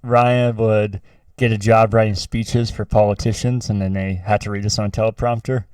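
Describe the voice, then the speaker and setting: A man's voice: on the low side, little pitch movement, moderate pace, darkish tone, clear, resonant tone, no room sound, distant mic. A man co-hosting a podcast in casual chat, laughing and teasing. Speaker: podcast co-host.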